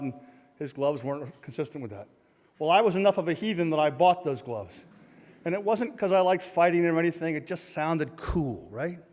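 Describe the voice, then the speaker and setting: A middle-aged man telling a comic true story on a live stage, self-mocking and punchy, acting out shouts and sound effects. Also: fairly high pitch. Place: large hall, live stage. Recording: long hall reverb from a live stage.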